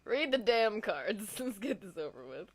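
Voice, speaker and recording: A woman's voice: medium pitch, very animated, moderate pace. A woman co-hosting a casual livestream chat, teasing and giggling. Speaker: co-host. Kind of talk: casual livestream chat over a card game.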